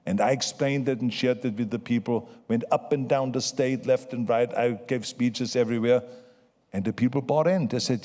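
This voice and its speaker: A man's voice: medium pitch, moderate pace, a little mellow. A man in his seventies with a foreign accent giving an emphatic motivational acceptance speech, repeating his key phrases. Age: 70s. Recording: long hall reverb.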